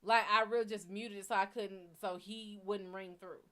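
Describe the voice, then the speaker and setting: A woman's voice: mid-range voice, steady tone, moderate pace, bright, forceful tone. A woman hosting a show, telling a story in a blunt, profane and heated way. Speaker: psychic reader and show host. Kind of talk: casual storytelling.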